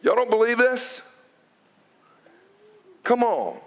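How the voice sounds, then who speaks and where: Pastor, middle-aged man, a very high voice for a man, preaching with fervour and sudden emphatic bursts. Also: sing-song, slow pace, fairly bright tone. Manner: fervent, conversational preaching with emphatic outbursts. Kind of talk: sermon.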